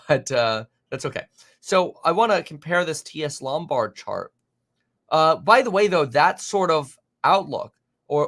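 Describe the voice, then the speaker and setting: A man hosting a live market stream, reading viewer comments aloud and reacting in an animated, exasperated, rambling way with many fillers. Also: on the high side. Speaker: market livestream host.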